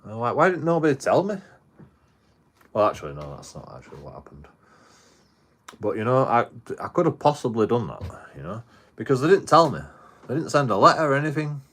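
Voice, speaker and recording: A man's voice: medium pitch, big pitch swings, fast talker, a bit bright. A man, telling a rambling, heavily sworn story in casual livestream chat. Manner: rambling, heavily profane storytelling with frequent restarts. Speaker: live streamer.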